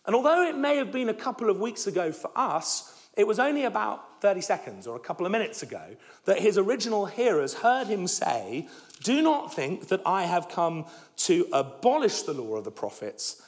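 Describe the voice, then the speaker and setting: A male preacher with a high, lively voice that leaps up on key words and sinks to a near hush at the ends of phrases. He talks emphatically, stumbling and restarting as he drives his points home. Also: moderate pace. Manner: voice drops low and soft at phrase ends. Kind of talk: sermon.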